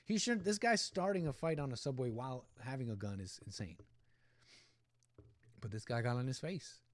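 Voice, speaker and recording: A man's voice: medium pitch, lively intonation, normal speed, no echo. Opinionated man commenting on a clip. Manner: rambling, opinionated, talks back at the clip. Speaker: livestream host. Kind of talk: live commentary on a video clip.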